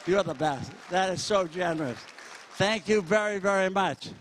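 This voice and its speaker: High-voiced auctioneer in a big hall. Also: male voice, fairly bright tone, some chatter behind, slight background noise. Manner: rapid-fire bid calling with jokes. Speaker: charity auctioneer. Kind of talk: live charity auction calling. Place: large banquet hall. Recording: reverberant hall PA sound.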